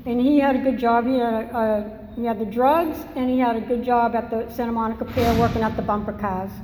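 Speaking in a long-reverb, echoey hall, this Massachusetts woman tells her own recovery story candidly and conversationally, poking fun at herself. Her voice is a little high, steady and warm, a little fast, with slight background noise.

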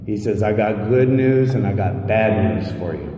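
A man in his fifties, lowish and warm-voiced, tells his recovery story to a crowd at normal speed with hardly any pauses. He stammers through restarts and acts out others' words; the mic sits at a distance in an echoey hall, with a little hiss or hum.

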